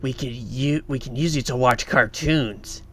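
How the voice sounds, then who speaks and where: A man's voice: mid-range voice, a little slow, sharp tone, soft background music. A man reading as a mocking young attacker.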